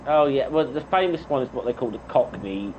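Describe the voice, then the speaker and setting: A man's voice: medium pitch, animated, fairly quick. Chatty man, dull lo-fi mic. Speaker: chat participant. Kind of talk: casual online group chat.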